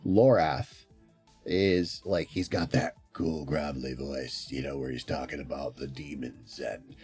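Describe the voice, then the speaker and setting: A man's voice: very deep voice, steady tone, measured pace, a little mellow, slightly rough, soft background music. A man streaming in casual chat, rambling along with frequent fillers and restarts.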